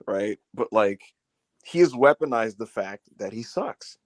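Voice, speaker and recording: A man's voice: on the low side, a little slow. A man co-hosting a wrestling review podcast, talking in loose, profane, joking banter. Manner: animated, laughing, profane banter. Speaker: podcast co-host. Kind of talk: casual wrestling review chat.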